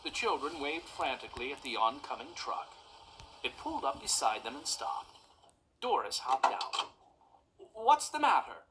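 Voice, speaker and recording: A narrator reading a storybook aloud in a calm, even way. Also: medium pitch, moderate pace.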